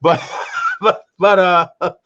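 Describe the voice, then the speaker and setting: Lively, animated man on a dull, lo-fi recording. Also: sits high, drawn-out words. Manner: animated, peppered with "though" and "brother". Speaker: co-host. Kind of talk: casual chat. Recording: dull lo-fi sound.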